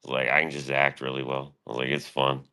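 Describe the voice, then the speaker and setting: Very deep, gravelly-voiced rambling man. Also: completely flat delivery, a little fast, bright, forceful tone. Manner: rambling, profane, quotes himself a lot. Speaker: live streamer. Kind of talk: casual rambling stream monologue.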